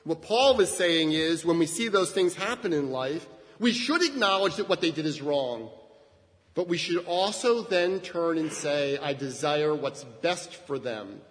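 A man with a fairly high voice preaches a sermon, talking to the congregation in a chatty, conversational way. His voice rings out with a long reverb through a church sanctuary. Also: unhurried. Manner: conversational, frequent "right?" asides, lively shifts in emphasis. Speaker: pastor.

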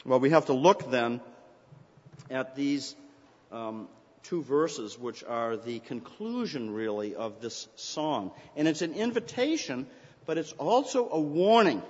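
A man's voice: mid-range voice, animated, takes it slowly. A man preaching a sermon, explaining scripture earnestly and lifting his voice when he reads the verses aloud. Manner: earnest, rising to emphatic scripture readings. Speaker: pastor. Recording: dull recording in a reverberant hall.

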